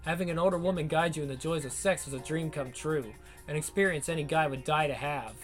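A man narrating an audiobook in a steady storytelling read. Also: fairly high pitch, quick pace. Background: faint guitar music.

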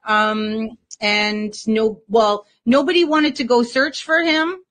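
Woman guest, somewhat high voice, casual storyteller who rambles and fills gaps with "like". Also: fairly even intonation, slow, a bit bright. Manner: rambling, many fillers. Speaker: interview guest.

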